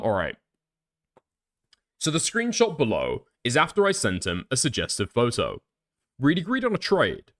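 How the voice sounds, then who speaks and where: A male streamer talks through screenshots in casual live commentary. He peppers his speech with swearing, thinks out loud and circles back on his own points. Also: mid-range voice. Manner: profane, thinks out loud, second-guesses himself.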